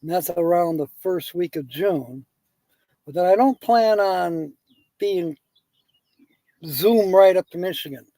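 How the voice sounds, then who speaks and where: A man's voice: high-pitched, slow, pauses often, mellow, no room sound. A man hosting a live stream, rambling through casual chat and telling jokes while chuckling at them.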